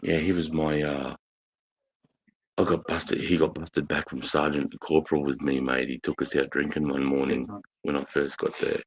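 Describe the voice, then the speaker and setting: A middle-aged Australian man telling rowdy army stories in a coarse, profane, animated way on a casual live stream. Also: extremely low pitch, normal speed, slight background noise. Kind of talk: casual storytelling chat. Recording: dull lo-fi stream audio.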